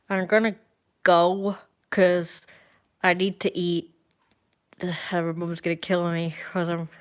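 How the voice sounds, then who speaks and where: Young girl on a live stream, kinda low voice, jokey and rambly, teasing chat. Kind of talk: casual chat with stream viewers. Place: indoors at home.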